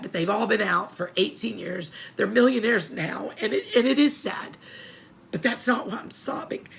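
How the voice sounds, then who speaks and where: A woman's voice: mid-range voice, gravelly, fairly bright tone. A middle-aged woman hosting a support show, tearful and pleading as she gives heartfelt advice, repeating herself for emphasis. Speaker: host of an inmate support show.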